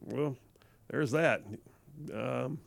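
Male radio host, gravelly voice, dry studio sound, animated. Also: medium pitch, extremely slow, dry recording. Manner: animated, quotes movie lines with gusto. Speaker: radio talk show host. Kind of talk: casual radio talk. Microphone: studio microphone.

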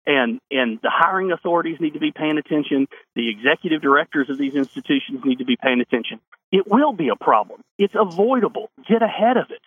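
A man's voice: a little high, lively intonation, fast talker, husky, no room sound. A man, a state lawmaker calling into a radio talk show, speaking emphatically and answering his own rhetorical questions. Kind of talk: radio call-in interview. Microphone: phone. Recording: phone line into a radio show.

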